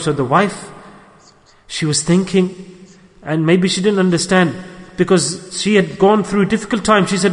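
A man's voice: high voice, moderate pace, big-room sound. A man preaching a sermon and telling a moral story, earnest and repetitive, sprinkling in Arabic religious terms.

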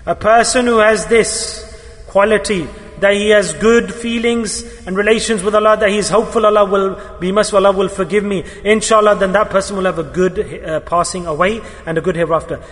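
A man's voice: sits high, steady tone, fairly quick, fairly bright tone. A male preacher delivering a sermon, emphatic, repeating key words and putting questions to his listeners. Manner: poses questions to the audience. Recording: echoey hall with long reverb.

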